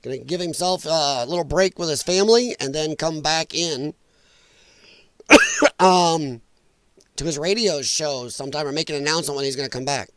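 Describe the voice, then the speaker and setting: The host of this casual political commentary livestream has a voice on the high side, a fairly bright tone and a moderate pace, captured dry. He comes across as blunt and exasperated, coughing from an irritated throat and apologizing often.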